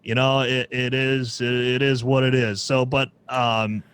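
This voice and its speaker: A man hosting a casual music podcast, rambling as he works through his thoughts. His voice sits at an ordinary middle pitch. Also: little pitch movement, unhurried, fairly bright tone, clean tone. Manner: rambling, full of restarts and fillers. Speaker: podcast host.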